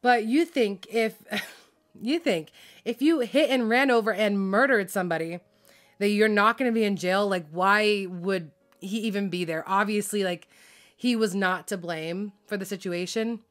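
A woman's voice: mid-range voice, unhurried, soft background music. Woman ranting, heated and profane. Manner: heated, profane, filler-heavy venting with laughs; frazzled, loses track of names. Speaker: drama reaction vlogger. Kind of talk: casual ranting reaction.

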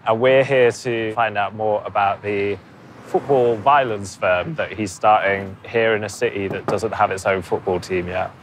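Wry reporter, man, low voice, deadpan documentary delivery. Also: normal speed, a little hiss or hum. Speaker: reporter and narrator. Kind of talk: documentary narration and on-location reporting. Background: music bed under narration.

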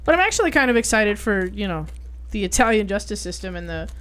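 A woman's voice: medium pitch, very animated, fast, a bit bright. A woman co-hosting a podcast, a bartender who talks in a sarcastic, swearing, casual way. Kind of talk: casual chat.

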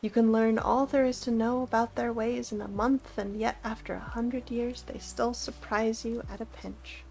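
A woman's voice: fairly high pitch, fairly even intonation, moderate pace, creaky, darkish tone, poor audio. Woman reading as a stern old wizard. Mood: earnest. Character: stern old male wizard, grave and commanding. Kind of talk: storybook reading.

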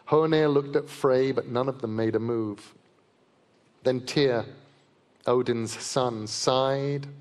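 A man, an author, reading a myth aloud to a live festival audience in a measured, vivid storytelling manner. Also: medium pitch, a little mellow. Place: large festival hall. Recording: long reverb of a large festival hall.

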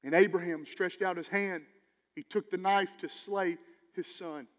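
A man preaching a sermon as pastor, animated, swinging between loud emphasis and quiet asides. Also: high voice, unhurried. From Texas. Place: church sanctuary. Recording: church hall with long reverb.

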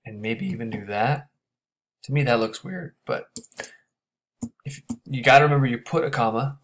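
A man teaching a grammar lesson, explaining step by step and checking in with quick questions. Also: mid-range voice.

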